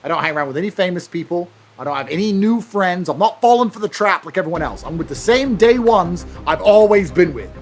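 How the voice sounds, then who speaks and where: A man's voice: high-pitched, expressive, a little fast, hardly any pauses. A man from England, telling a profane, blunt story and acting out both sides of each exchange. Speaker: motivational speaker. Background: faint music.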